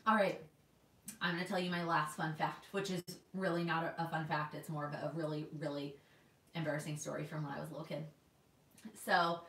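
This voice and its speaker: A woman's voice: sits low, fairly bright tone, reverberant, recorded from a distance. A woman in her twenties from Texas, chatting casually on a livestream and reading out viewer comments. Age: 20s. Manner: chatty, reads viewer comments aloud, restarts often. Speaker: planner vlogger. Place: home in New York.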